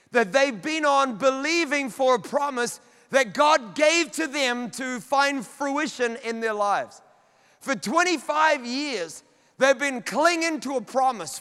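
A male pastor reading scripture and preaching, animated and talking straight to his congregation in a church. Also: sits high, smooth. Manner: animated, addresses the congregation directly. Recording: long hall reverb.

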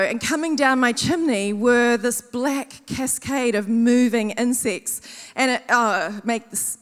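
Nz woman preaching, high voice, lively storytelling, big echoey hall. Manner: animated, self-mocking storytelling with acted-out quotes. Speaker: conference speaker. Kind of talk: storytelling sermon.

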